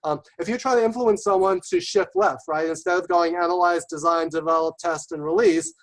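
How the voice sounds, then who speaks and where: A man giving a webinar presentation, talking quickly and enthusiastically and checking in with "right?" often. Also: high-pitched, animated, gravelly, low-quality recording. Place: remote webinar.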